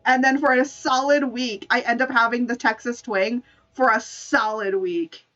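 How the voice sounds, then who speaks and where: A woman's voice: on the high side, steady tone, moderate pace, sharp tone, lo-fi sound. A woman streamer in playful, casual live-stream chat, laughing often. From United States.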